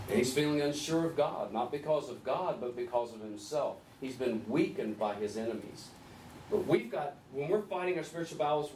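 A man leading a group Bible study, conversational and gently teasing, asking the group questions. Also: medium pitch. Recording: echoey room, distant mic, faint hiss.

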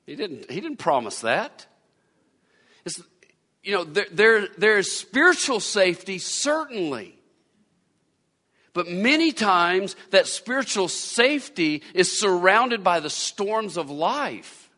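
A man delivers a sermon from the pulpit, circling back and repeating lines to drive his point home. His voice is bright and sits slightly high, and it rings out with a long reverb from the church around him. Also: sing-song, slow. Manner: preaching with repetition and rising emphasis. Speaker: pastor. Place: church sanctuary.

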